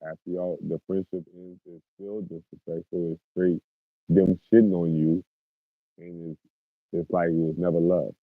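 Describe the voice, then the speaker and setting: A man hosting a casual podcast, loose and profane, who keeps circling back and repeating himself. His voice sits a bit low. It comes through a tinny, phone-like line with a dry, close sound. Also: flat delivery, normal speed, no room sound. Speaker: podcast host.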